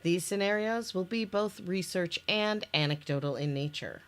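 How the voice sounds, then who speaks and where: A woman's voice: fairly low pitch, normal speed. A woman presenting an interactive story game she made, reading its scenes aloud in casual chat. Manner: reads scenes aloud with restarts and laughs. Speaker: game maker presenting her game.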